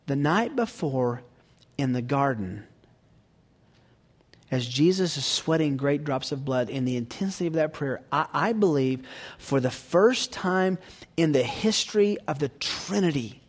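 An animated, unhurried preacher with a voice on the high side alternates between hushed near-whispers and loud, emphatic moments. He often addresses the audience with rhetorical questions.

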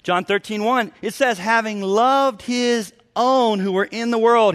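A middle-aged man preaches with a slightly high-pitched voice. He is animated and theatrical, slipping into other people's voices and jumping to loud bursts before settling back down. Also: unhurried, hardly any pauses. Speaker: pastor. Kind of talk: sermon.

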